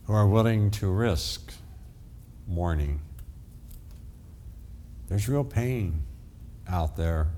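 Older male pastor, low unhurried voice, earnest sermon delivery with long pauses. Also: expressive, dark tone, a little hiss or hum. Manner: slow, earnest preaching with dramatic pauses.

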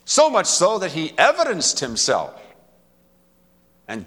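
Slow, dramatic male preacher. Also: high voice, wildly swooping pitch, a bit bright. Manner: dramatic, emphatic storytelling. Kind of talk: sermon. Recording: long hall reverb.

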